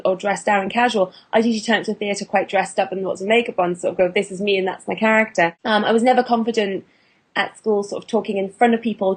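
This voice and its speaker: A British woman talks animatedly about her stage work, circling back and restarting her thoughts as she goes. Her voice sits at an ordinary middle pitch for a woman. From England. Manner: chatty, lots of restarts and fillers, animated. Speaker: burlesque performer and actor, interview guest. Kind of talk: casual interview chat.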